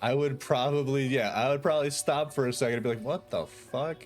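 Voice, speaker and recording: A man chatting casually with a streamer, relaxed and swearing freely. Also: medium pitch, fast talker, faint music behind. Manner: laid-back, laughing, swears freely. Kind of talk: casual chat.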